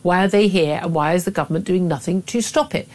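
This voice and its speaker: A woman's voice: on the low side, quick pace, a little mellow. A woman, a middle-aged talk radio host, delivering emphatic, opinionated commentary with frequent restarts.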